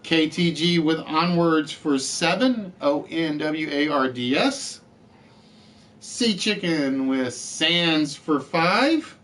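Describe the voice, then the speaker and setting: A man hosting an online word game show in a chatty, joking way. His voice sits fairly high and moves around a great deal in pitch. He takes his time as he reads out letters and scores to the players. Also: expressive, slow, a bit bright.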